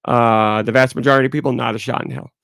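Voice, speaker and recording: Gravelly congested male podcast host. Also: mid-range voice, steady tone, fast, a bit bright, dry recording, clean studio sound. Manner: rambling, candid, talks through it. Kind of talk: casual solo podcast talk.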